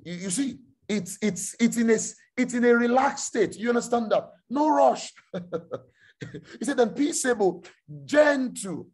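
A man preaching a sermon, repeating his phrases and asking the listeners rhetorical questions, at times rising to a shout. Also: very high-pitched, a little slow, breathy edge.

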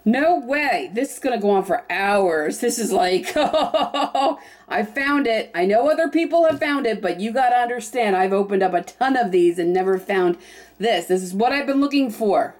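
A young woman chatting casually through an unboxing vlog, thinking aloud and at times breaking into excited squeals. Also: mid-range voice, moderate pace. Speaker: YouTube vlogger.

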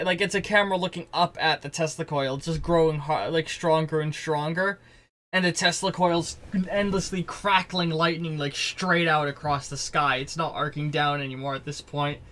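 A man's voice: on the high side, fairly even intonation, moderate pace, a bit bright. A man narrating as game master in a tabletop game, rambling with frequent fillers and restarts.

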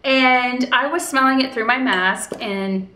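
A woman's voice: high-pitched, a little slow, sharp tone, reverberant. A woman vlogging casually at home by a window. She chats and tells stories with gusto, acting out the lines of the people she quotes. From United States. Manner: chatty and storytelling, acts out quoted dialogue. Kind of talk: casual vlog chat. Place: indoors at home in front of a window.

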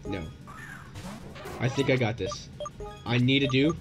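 A young man commentating his own gameplay, excitable and profane, yelling at the game in bursts. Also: medium pitch, a little slow. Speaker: gaming YouTuber. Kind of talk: let's play commentary. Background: game music.

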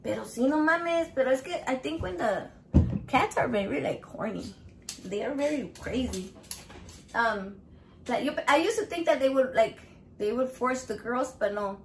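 A high-voiced home cook with a creaky edge speaks at a moderate pace, with background noise audible, as she films a recipe video in her kitchen. Her chatty vlog talk is crude and foul-mouthed, delivered as animated storytelling.

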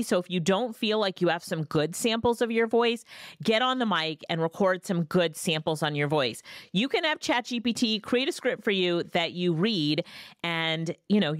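A woman hosting a casual software tutorial, chatty and lively, recorded on a studio microphone. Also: fairly low pitch, no room sound. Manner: chatty, lively ups and downs. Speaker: tutorial host. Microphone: studio dynamic mic.

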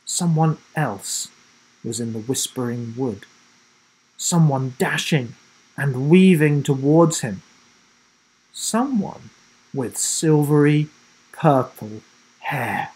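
A man's voice: medium pitch, takes it slowly, darkish tone, breathy edge, low-quality recording. A man reading a children's storybook aloud dramatically, his voice rising with the suspense.

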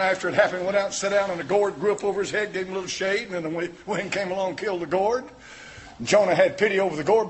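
Older man, pastor, fairly high voice, folksy fervent preaching. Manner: swings from quiet to shouted fervor; folksy, plain-spoken preaching. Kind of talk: sermon.

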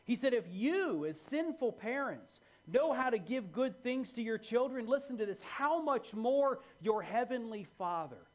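A man preaching a sermon as pastor in a church, animated and moving between hushed and loud delivery. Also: extremely high pitch, a little slow, few pauses.

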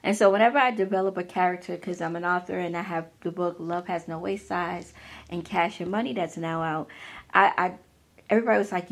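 Woman author doing a motivational talk, gravelly, chatty, slangy and animated. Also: on the low side, fairly quick. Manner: animated, conversational, with slang and playful asides.

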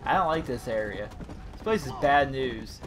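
A young man narrates his gameplay in a loose, jokey way and often bursts into excited shouts. His voice sits at an ordinary pitch for a man. Loud game sounds and horse hooves play clearly behind him. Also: normal speed, background noise. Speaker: gaming commentator. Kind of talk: casual let's-play commentary.

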